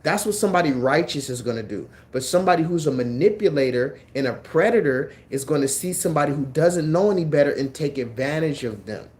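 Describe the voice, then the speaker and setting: A man hosting a livestream, talking casually in an animated, mocking and then preachy way. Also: on the high side, a little fast, few pauses. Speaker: livestream host.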